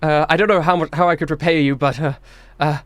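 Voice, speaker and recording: A man's voice: on the high side, steady tone, dry recording, voice pushed up, close to an everyday voice. A man voicing a bewildered, worried middle-aged father who talks in a flustered rush. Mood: apologetic. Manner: flustered, rushed.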